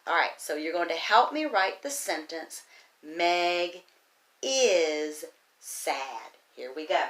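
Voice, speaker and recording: A woman teaching kindergarten reading, slow and patient, stretching out each sound of a word. Her voice sits a little low for a woman. The room around her rings with a noticeable echo. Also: animated, fairly bright tone. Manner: slow, encouraging, sounds out words letter by letter. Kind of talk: virtual phonics lesson. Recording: roomy echo.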